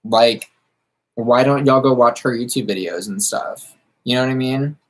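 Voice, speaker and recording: Man, from the United States, drag queen streamer, casual livestream chat, campy, sassy, drag slang, middling pitch. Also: moderate pace. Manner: doing makeup while talking. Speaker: drag queen streamer answering viewer questions.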